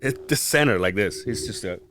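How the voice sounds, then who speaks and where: Speaking a little fast in a lowish voice, with slight background noise, this man co-hosts a podcast. His storytelling is casual, profane, and lively, with quotes acted out in character.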